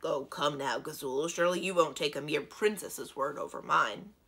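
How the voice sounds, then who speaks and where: A woman's voice: low voice, normal speed, fairly bright tone, heavily acted. A woman doing a smug scheming dragon villain. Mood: dismissive. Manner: dismissive and smooth-talking.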